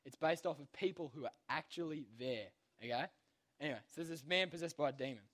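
A man's voice: fairly high pitch, fast talker, a bit bright. A young man giving a casual, slangy Bible lesson to children, constantly checking in with "okay?". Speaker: youth Bible teacher.

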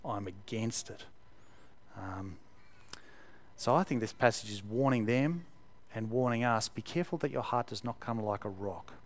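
A man preaching a sermon, his voice at a middle pitch for a man. He talks conversationally, with plenty of fillers and restarts, then leans hard on key phrases for emphasis. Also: expressive, normal speed.

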